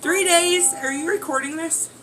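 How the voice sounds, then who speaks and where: A woman's voice: very high-pitched, moderate pace, bright, forceful tone, a little hiss or hum, rough recording. A mother chatting cheerfully at home, talking to her baby and to the camera. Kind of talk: casual home vlog.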